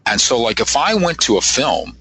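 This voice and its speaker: A man's voice: medium pitch, big pitch swings, moderate pace, bright, forceful tone, husky, soft background music, rough recording. A man in his fifties, a guest psychic, telling rambling anecdotes in a casual radio interview and acting out quotes as he goes. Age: 50s.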